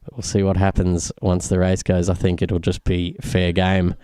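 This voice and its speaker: A man's voice: low voice, monotone, moderate pace, mellow, smooth, no room sound, clean studio sound. A man, commentating a lap of a sim racing track and explaining each corner. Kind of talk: live race commentary.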